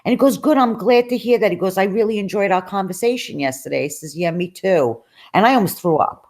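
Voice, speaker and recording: A middle-aged woman, telling a personal story as an interview guest in a lively, chatty way, acting out the voices of people in it. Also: mid-range voice, a little fast. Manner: animated, acts out quoted voices.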